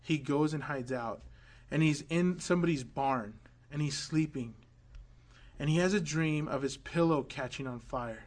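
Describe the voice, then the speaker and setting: A man preaching a sermon, telling a story dramatically, dropping to hushed quoted words and rising to loud build-ups. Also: on the high side, moderate pace.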